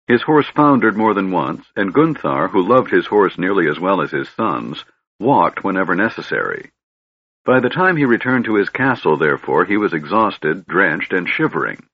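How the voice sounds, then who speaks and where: A man narrating a fantasy audiobook in a steady, measured storytelling manner, with a husky voice. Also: low-pitched, no echo, muffled recording. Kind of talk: scripted narration.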